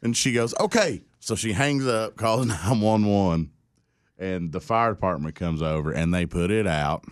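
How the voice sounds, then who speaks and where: A young man tells a story in a relaxed interview, slipping into the voices of others and laughing along. His voice sits very low. The sound is close and dry. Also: moderate pace, clear, resonant tone, no echo. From Tennessee. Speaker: country singer guest.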